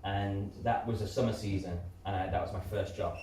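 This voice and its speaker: A man in his thirties talks candidly as a guest at a live interview, his speech full of fillers and restarts. His voice sits a little low, and it comes from a distant mic in a very echoey hall with a faint noise underneath. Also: fairly even intonation, a little fast, a little mellow. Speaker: interview guest, musical theatre performer. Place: community centre hall before an audience.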